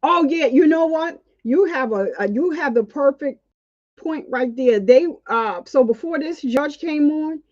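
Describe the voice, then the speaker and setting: A woman's voice: high-pitched, expressive, unhurried, a little mellow, no room sound, muffled recording. A woman hosting a casual, outspoken commentary on a court trial, indignant and chatty. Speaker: commentary channel host.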